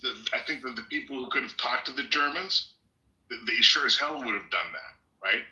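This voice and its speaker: Halting man in an echoey room. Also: mid-range voice, pushed and bright. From outside the US. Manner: halting, repeats words, restarts. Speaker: guest on a live audio app debate. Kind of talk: heated casual debate.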